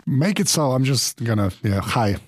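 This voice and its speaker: A man's voice: medium pitch, expressive, normal speed, husky, no echo, clean studio sound. A man from Croatia on a casual podcast panel, playful and joking. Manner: playful, jokey.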